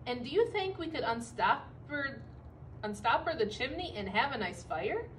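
A woman's voice: high-pitched, big pitch swings, moderate pace, distant mic, slight background noise. A woman reading a polite little mouse. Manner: polite and apologetic. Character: small polite gray mouse.

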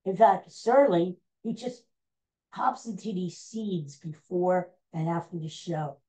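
A woman hosting a podcast, recapping old TV episodes in a casual, meandering, animated storytelling way. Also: fairly low pitch, slow, rough recording. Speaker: podcast host.

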